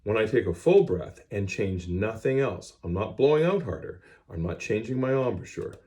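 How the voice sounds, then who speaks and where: Direct, low-voiced male band teacher. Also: expressive, moderate pace, warm tone. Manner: plain-spoken, direct and instructive. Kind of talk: music lesson to students. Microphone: cell phone.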